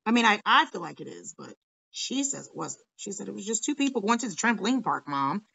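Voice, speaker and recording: A woman's voice: medium pitch, sing-song, normal speed, gravelly, pushed and bright, slightly rough, low-quality recording. A middle-aged woman chatting casually while she crafts at her kitchen table, rambling from story to story and laughing often. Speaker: crafting vlogger.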